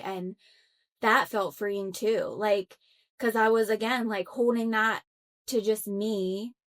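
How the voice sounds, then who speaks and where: Earnest young woman sharing a personal story. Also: medium pitch. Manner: earnest, reflective storytelling with many fillers and restarts. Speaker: podcast guest. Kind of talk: conversational interview.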